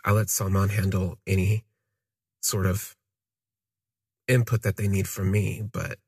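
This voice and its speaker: A man with a deep-leaning, very husky voice and a gravelly edge recounts his own story in the first person. He speaks in a halting, reflective way, trailing off and circling back. The sound is close and dry. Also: flat delivery, no room sound. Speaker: podcast storyteller.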